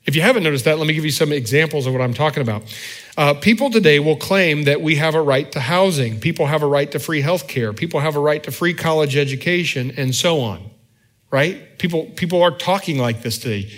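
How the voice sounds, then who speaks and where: A man preaching a sermon in a conversational way, often checking in with the congregation with quick asides. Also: a little high, fairly bright tone. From United States. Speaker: pastor.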